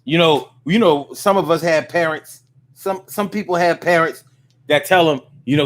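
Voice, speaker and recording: A man with a fairly high-pitched voice hosts a relaxed livestream and reads comments from his viewers. His talk is loose and full of cursing. He often circles back and repeats phrases. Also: normal speed. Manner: loose, profane and conversational, with frequent repeats and fillers. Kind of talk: casual livestream chat.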